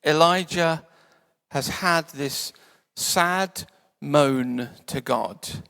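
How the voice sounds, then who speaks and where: A man preaching a sermon in a church, conversational and playful, sometimes dropping to soft quiet tones. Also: a little high, extremely slow, vocal fry, clear, resonant tone. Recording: church hall reverb.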